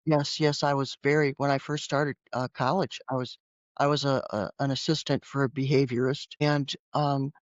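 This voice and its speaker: A woman's voice: a bass voice, moderate pace, no room sound, muffled recording. A woman guest author telling stories animatedly in a conversational interview, often acting out what people said. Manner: animated, acts out voices in her anecdotes. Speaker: guest author and former teacher.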